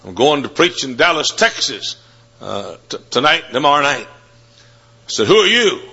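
A man preaching a sermon, telling stories and rising to loud, fervent shouts. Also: medium pitch, lively intonation, unhurried, vocal fry, breathy edge. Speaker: Baptist preacher. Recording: dull lo-fi sermon recording.

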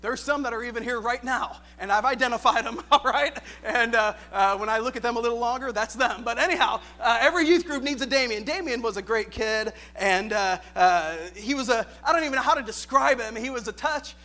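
A man who is a youth pastor, preaching a sermon with animated delivery, moving from shouted questions to quiet, joking storytelling. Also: very high-pitched, brisk, hardly any pauses.

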